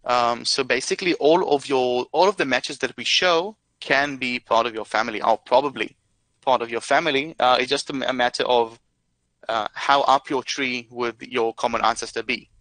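A man's voice: medium pitch, normal speed, a bit bright, no echo, rough recording. A man answering viewer questions in a live webinar, explaining carefully with lots of hesitant fillers. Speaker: product expert answering questions.

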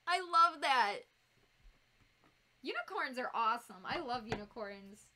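A high, bright-voiced woman with a Northern US accent, chatting on a live stream as she crafts. She is bubbly and giggly and talks straight to her viewers in a casual, friendly way. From United States. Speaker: fursuit maker streaming live.

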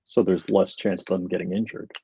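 A man's voice: deep voice, flat delivery, fairly quick, creaky, dark tone, husky, no room sound. Dry-joking male co-host, dull sound. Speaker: podcast co-host. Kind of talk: casual chat.

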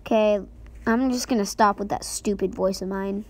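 A woman hosting a gaming channel, giving excitable, casual commentary and chatting to viewers. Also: medium pitch, normal speed, slight background noise. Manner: excitable, talks to viewers as "guys".

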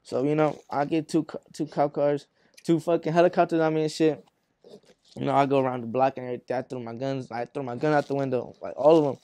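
A man's voice: medium pitch, fairly even intonation, fast, warm tone, dry recording. A man from Arizona, a rapper being interviewed, telling long stories in profane street slang with lots of fillers and acting out the voices of people in them. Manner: acts out voices in his stories. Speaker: rapper guest. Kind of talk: casual storytelling interview.

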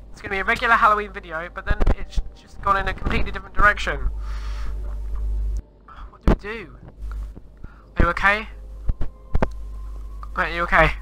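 A man's voice: high-pitched, pushed and bright, slight background noise, poor audio. A man commenting on Minecraft gameplay in a flustered, exclaiming and rambling way. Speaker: gamer.

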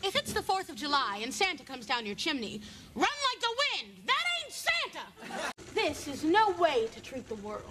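A young woman performing a deadpan comic advice segment for a sketch show, breaking into sudden loud shouts. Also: high voice, normal speed. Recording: studio audience laughter, noisy. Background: studio audience laughing.

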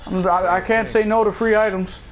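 A man's voice: high-pitched, flat delivery, brisk, slight background noise, low-quality recording. A man giving casual let's play commentary, cracking sarcastic jokes as he plays. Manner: joking, sarcastic running commentary. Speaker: gameplay commentator.

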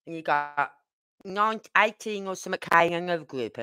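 A YouTuber delivers live-stream commentary in a smooth, clean voice. The speaker presses each point with rhetorical questions and repetition, and now and then apologizes for rushing. The sound is close and dry, with no room echo. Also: medium pitch, sharp tone. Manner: apologetic about talking fast.

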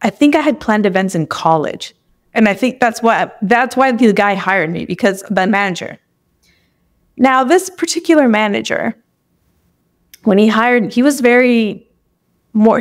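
A woman's voice: mid-range voice, animated, moderate pace. A young woman telling a personal story as a podcast guest, candid and emotional, with many "like"s. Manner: emotional, tearful at moments, lots of "like".

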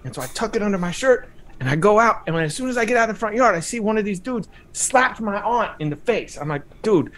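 Man doing a Chicano-accented LA cholo figure, raised pitch, loud and swaggering, casual livestream bit. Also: expressive, fast talker. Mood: wild. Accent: Chicano English, Los Angeles. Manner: swaggering, streetwise storytelling. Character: tough old-school male LA gangster, storyteller.

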